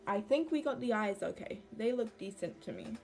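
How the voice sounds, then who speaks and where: A woman's voice: medium pitch, expressive, moderate pace, gravelly, a little mellow, soft background music. Anxious rambling young woman streamer. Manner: anxious, rambling, talks to chat while drawing. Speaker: livestreaming cosplay maker. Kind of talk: casual livestream chat while crafting.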